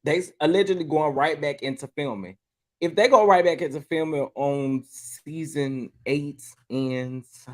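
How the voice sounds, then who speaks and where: A man hosting a casual reality-TV chat, laughing often. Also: a little high. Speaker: host.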